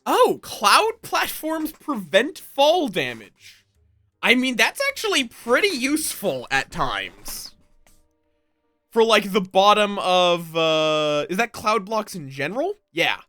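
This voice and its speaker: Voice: medium pitch, sing-song, takes it slowly, sharp tone, no room sound, faint music behind. A streamer chatting casually through a live game session, rambling, swearing freely and at times drifting into a mock accent. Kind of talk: live gameplay commentary.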